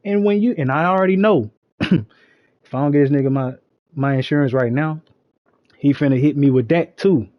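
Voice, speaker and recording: A man on a live stream, telling a story in an animated, slangy way with lots of "you know what I'm saying.". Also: medium pitch, normal speed, long pauses, dry recording, dull audio. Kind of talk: casual storytelling.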